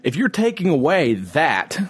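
A man's voice: on the high side, huge pitch swings, a little slow, breathy edge. A young man co-hosting a casual podcast, a bit drunk, rambling and swearing a lot. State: tipsy. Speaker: podcast co-host. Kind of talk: casual chat.

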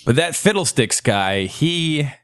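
A man in his thirties hosts a loose comedy podcast, cracking crude jokes and laughing between lines. His pitch swings up and down a lot, and the sound is dry and close with no room echo. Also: big pitch swings, slow, clean tone. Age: 30s. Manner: crude joking, laughs often. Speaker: podcast host. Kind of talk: casual comedic chat.

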